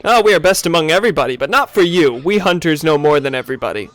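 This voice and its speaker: A man voicing gruff, boorish male alien hunters who talk in broken grammar and hurl childish insults. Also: on the high side, lively intonation, fast talker, fairly bright tone, no echo. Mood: taunting.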